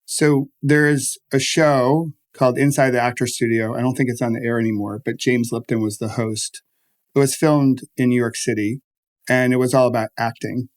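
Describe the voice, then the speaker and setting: A man hosting a podcast, gentle and affirming as he talks with his guest. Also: medium pitch, level tone, moderate pace. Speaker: podcast host. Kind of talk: interview conversation.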